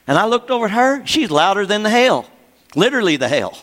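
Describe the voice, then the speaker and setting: With a high-pitched, slightly bright voice, an older pastor preaches in an animated, fairly quick manner, his teaching sermon echoing with long hall reverb. He emphasizes and repeats phrases and keeps asking the congregation for an amen.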